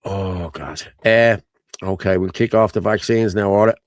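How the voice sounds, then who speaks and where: A man's voice: low voice, normal speed. An Irish man hosting a casual livestream chat, talking in an emotional, rambling and repetitive way. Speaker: host.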